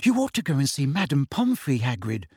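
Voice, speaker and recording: A man's voice: on the high side, very animated, takes it slowly, breathy edge, no room sound, clean studio sound, heavily acted. Hermione, a man doing an anxious schoolgirl. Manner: anxious, gentle. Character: anxious clever teenage schoolgirl. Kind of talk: audiobook reading.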